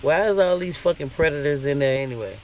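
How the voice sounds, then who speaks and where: A man's voice: on the high side, expressive, quick pace, a little mellow, slight background noise. Guy ranting on his vlog, mad and cussing, keeps asking why, faint cars going by. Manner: indignant, profane, questioning. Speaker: vlogger. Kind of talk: casual commentary rant.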